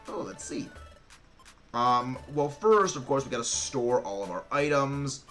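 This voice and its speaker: An excitable male streamer rambles through casual gameplay commentary, his pitch swinging widely as he trips over his own sentences. His voice is bright and forward, with faint game music playing underneath. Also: a little slow. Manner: excitable, rambling with many restarts.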